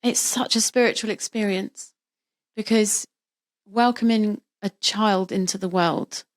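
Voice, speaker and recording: A middle-aged woman who works as a birth practitioner appears as an interview guest, talking casually. Her voice is medium-pitched and measured, and she explains things with lively, vivid examples.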